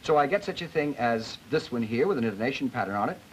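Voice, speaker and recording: A man's voice: medium pitch, lively intonation, quick pace, rough recording. A man lecturing on linguistics and demonstrating vocal sounds as he explains them. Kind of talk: classroom lecture with spoken demonstrations. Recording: old film soundtrack with faint hiss.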